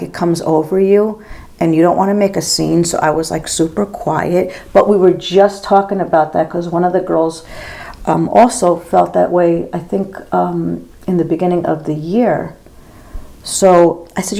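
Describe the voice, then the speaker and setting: Gravelly chatty woman in her fifties. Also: fairly low pitch, a little mellow. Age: 50s. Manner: gossipy, rambling, says girl and like a lot. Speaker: makeup vlogger and nurse. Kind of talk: casual chatty storytelling while doing makeup.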